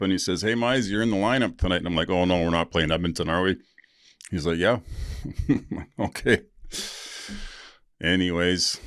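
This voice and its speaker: Low-voiced man, relaxed storytelling host. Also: dry recording, clean studio sound. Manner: laid-back, laughs often, many fillers. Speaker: podcast host. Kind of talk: casual storytelling and recovery reading.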